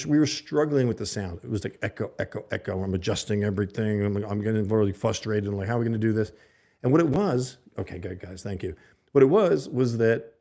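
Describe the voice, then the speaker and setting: A man with a somewhat low voice hosts a casual livestream from his home setup. He talks close into a desk mic. He rambles loosely and chats with the viewers in his chat. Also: mellow. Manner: rambling, chatty, reads viewer comments aloud. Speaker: livestream host. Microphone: desk mic held close to the mouth.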